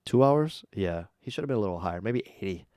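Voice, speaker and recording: Low, smooth-voiced man giving blunt takes. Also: animated, fast talker, warm tone, no room sound, studio quality. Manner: blunt, chatty, many ums and uhs. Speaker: YouTube reaction host. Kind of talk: casual opinionated commentary.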